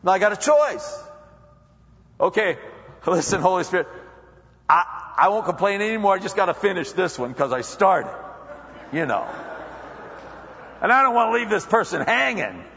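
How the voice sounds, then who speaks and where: A man's voice: high voice, sing-song, normal speed, long pauses, sharp tone, big-room sound, lo-fi sound. A man preaching a sermon in a casual, conversational way, acting out his own prayers and inner dialogue. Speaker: pastor.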